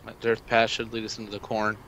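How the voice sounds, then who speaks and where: A man's voice: fairly low pitch, monotone, quick pace, fairly bright tone, a little hiss or hum, rough recording. A man co-playing a survival game, chatting casually with dry, playful remarks. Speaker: co-player. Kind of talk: casual gameplay chat.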